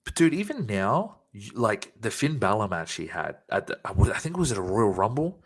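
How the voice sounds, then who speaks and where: A man's voice: on the low side, big pitch swings, a little fast, husky. A man co-hosting a podcast, giving a profane, laughing play-by-play recap in casual chat. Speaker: podcast co-host.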